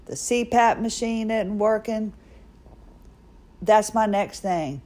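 A woman's voice: medium pitch, slow pace, darkish tone. A middle-aged woman hosting a podcast, telling a personal story in a chatty, self-mocking way. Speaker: podcast host. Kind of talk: casual personal monologue.

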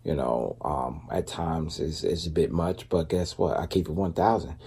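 A man speaks in a relaxed, rambling vlog style, talking through faith and everyday life with plenty of fillers and side remarks. His voice sits very low and has a dark, mellow tone. There is a husky edge to it throughout. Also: normal speed. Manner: loose, conversational, with many fillers and asides. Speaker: vlogger. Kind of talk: casual faith-based talk.

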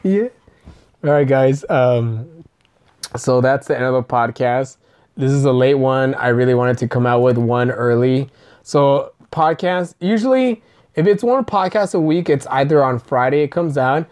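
A woman's voice: rumbling low, a little slow, darkish tone. A young woman hosting a podcast, telling stories in loose, profane casual chat with lots of laughter. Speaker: podcast host.

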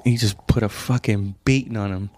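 A man's voice: fairly low pitch, fairly even intonation, fairly quick, darkish tone. A man doing a casual comedic monologue, rambling and profane, often stopping to correct himself and calling the listener "dude". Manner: laid-back, addresses listener as "dude".

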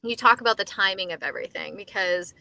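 A woman's voice: mid-range voice, quick pace, sharp tone, no echo. A woman interviewing a musician, eager and full of praise, often saying "like" and "so great.". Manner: enthusiastic, fillers like "like" and "so great". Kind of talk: casual interview.

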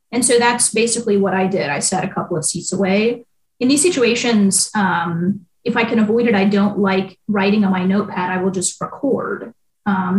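A young adult woman, a newspaper reporter, answering interview questions in a reflective way with frequent ums and likes. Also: medium pitch. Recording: echoey room.

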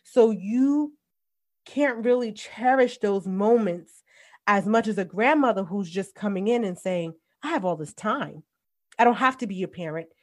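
A woman in her forties, a guest on a casual podcast, talking bluntly and telling animated stories about raising kids, with a New York accent. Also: medium pitch, measured pace. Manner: blunt, animated storytelling with laughs.

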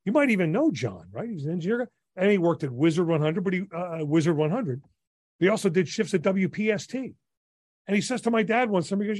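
A man in his sixties from New Jersey, a radio DJ telling stories in an enthusiastic, animated way as a podcast guest. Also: high-pitched, fast, no echo. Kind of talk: casual interview storytelling.

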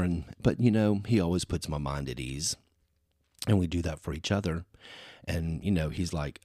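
Hosting a solo podcast, this man keeps it casual and rambling, filling his talk with "you know." He speaks at a moderate pace in a low-pitched, dark-toned voice. The sound is studio quality with no echo.

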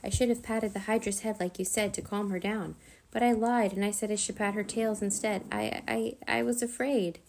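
A woman's voice: mid-range voice, fairly even intonation, normal speed, gravelly, a little mellow, slight background noise, pitched above the performer's own voice, lightly acted. A woman reading the part of a scared, stubborn young girl who speaks anxiously and defensively.

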